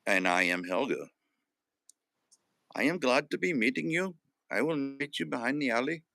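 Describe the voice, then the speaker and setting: A man's voice: deep voice, moderate pace, vocal fry, bright, forceful tone, clear, resonant tone, dry recording, voice pushed down, full character voice. A man voicing a flirty woman with a put-on foreign accent and stiff, formal phrasing.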